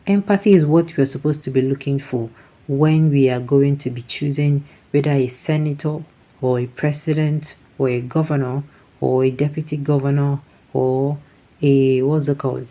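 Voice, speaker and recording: A man's voice: fairly high pitch, warm tone. Nigerian man giving heated news commentary. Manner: reads viewer comments, switching to Pidgin asides.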